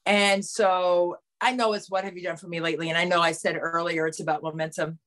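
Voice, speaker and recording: Raspy low-voiced woman analyst. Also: little pitch movement, brisk, a bit bright. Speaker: basketball analyst co-host. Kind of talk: casual sports chat.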